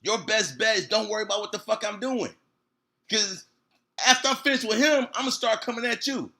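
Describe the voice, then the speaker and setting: High-pitched and brisk, this streamer's bright, forceful voice drives a heated, profane livestream rant. He's confrontational and keeps repeating himself.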